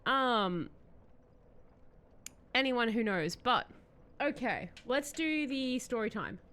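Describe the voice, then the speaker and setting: A woman's voice: on the high side, expressive, takes it slowly, a bit bright, clean tone. A woman streamer chatting casually and telling a rambling story, giggling often.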